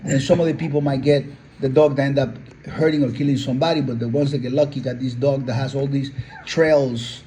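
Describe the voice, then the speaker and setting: A man's voice: mid-range voice, steady tone, fairly quick, dark tone, a little hiss or hum, low-quality recording. A man, a dog breeder, telling heartfelt stories in an earnest, conversational interview. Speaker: pit bull breeder.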